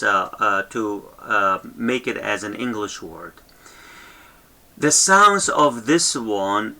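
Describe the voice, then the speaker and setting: Male teacher, slow and repetitive delivery, bright tone, many fillers. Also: mid-range voice. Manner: repeats each sound slowly, many fillers and okays. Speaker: language teacher. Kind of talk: slow instructional lesson.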